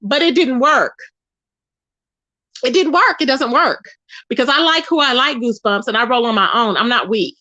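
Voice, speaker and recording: High bright-voiced woman ranting on a livestream. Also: normal speed, pauses often, muffled recording. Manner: indignant, repetitive, calling out by name. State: tired. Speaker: livestream host. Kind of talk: ranting live stream commentary.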